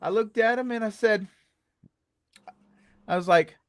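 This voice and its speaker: A man talking as a guest about working haunted attractions, telling stories with playful swings between high and low voices. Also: a little slow, no echo. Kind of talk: animated storytelling chat.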